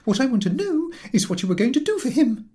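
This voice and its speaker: A man voicing a florid, indignant mother who scolds in a shrill voice that keeps rising. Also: sing-song, fast, warm tone.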